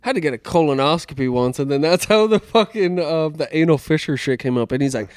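A man's voice: on the high side, lively intonation, brisk, smooth, no room sound, clean studio sound. A young man co-hosting a casual podcast, telling a crude workplace story in a rambling way and laughing often. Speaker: podcast co-host. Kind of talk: casual chat.

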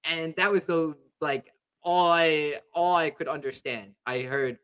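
Bright-voiced man rambling through a story. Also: fairly high pitch, little pitch movement, measured pace, clear, resonant tone, low-quality recording. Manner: rambling storytelling with many fillers. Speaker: podcast host. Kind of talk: casual sports chat.

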